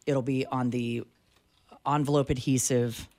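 A woman's voice: rumbling low, fairly even intonation, unhurried, mellow, no echo. A woman co-hosting a talk radio show, chatty and emphatic, who also reads ads. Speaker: radio co-host. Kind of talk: talk radio chat and live read ads.

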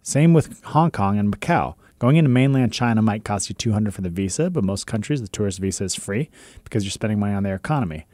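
A man co-hosting a podcast, reading listener messages and telling stories in relaxed casual chat. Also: on the low side, fast talker, no room sound.

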